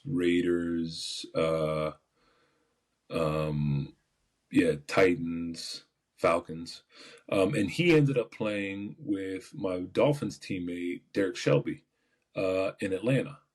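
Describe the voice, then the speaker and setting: A man, a former football player, telling stories as a podcast guest in a relaxed, rambling way. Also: low voice. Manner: relaxed, rambling, many fillers and restarts. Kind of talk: casual storytelling.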